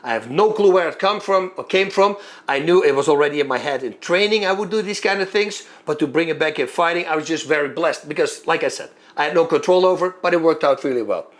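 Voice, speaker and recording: A former fighter telling a long story in a lively way, acting out moves and sounds as he goes. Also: a little high, fast, hardly any pauses. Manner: animated, acts out moves and sounds. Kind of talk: storytelling monologue.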